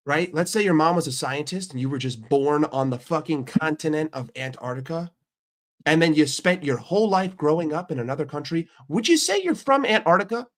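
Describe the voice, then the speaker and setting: Young American guy hosting a channel, brash and profane, somewhat high voice. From United States. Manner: ranting, heavy swearing, brash. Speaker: streamer and channel host. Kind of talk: casual profane rant.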